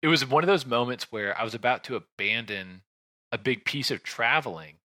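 A man's voice: mid-range voice, lively intonation, fairly quick, sharp tone, dry recording. A man in his thirties telling a rambling travel story in a casual way, with restarts, asides and sighs. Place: home room with a shelf behind him.

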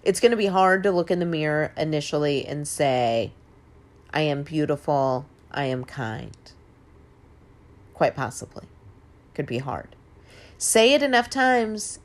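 Speaking at a normal speed with lively intonation and a mid-range pitch, this forty-something woman hosts a motivational monologue. She's emphatic and informal, swears now and then, and laughs readily.

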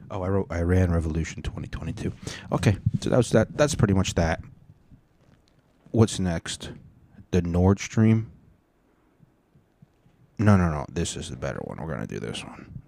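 A man's voice: sits low, expressive, measured pace, vocal fry, long pauses, darkish tone. A man hosting his own podcast in casual solo commentary, rambling and profane, with frequent restarts. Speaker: podcast host.

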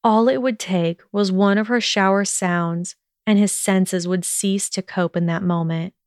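A woman narrating a fan fiction story in a steady, even storytelling manner. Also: mid-range voice, unhurried, no echo, studio quality.

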